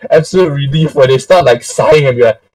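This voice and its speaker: A man's voice: mid-range voice, fast talker, a little mellow, dry recording. A young man hosting a casual storytime chat. He laughs often, swears casually and drops Singlish particles into his speech. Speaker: storytime podcast host. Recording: dry sound from a distant mic.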